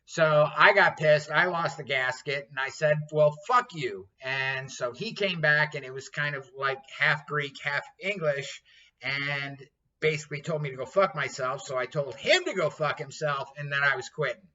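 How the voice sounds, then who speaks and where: Bright-voiced blunt male chef. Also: on the high side, normal speed. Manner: blunt and profane, telling it loosely. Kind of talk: casual storytelling. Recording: dull lo-fi sound.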